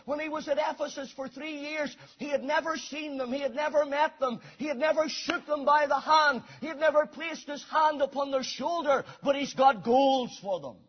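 A man preaching a sermon with emphatic delivery, rising to shouts and dropping to quiet asides. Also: very high voice. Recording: dull lo-fi sermon recording.

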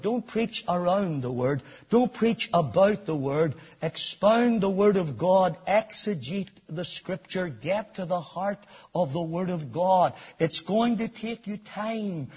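A man preaching a sermon, dropping to low quiet stretches and then rising to loud shouted emphasis. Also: unhurried, slightly rough, muffled recording.

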